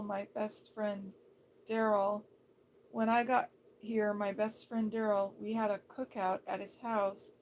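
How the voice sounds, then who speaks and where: A woman from Seattle hosting a livestream, chatting in a gentle, sympathetic way as she reads out viewers' comments, sometimes dropping to a whisper. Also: on the high side, slight background noise. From Seattle, Washington State. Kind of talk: casual soft-spoken livestream chat.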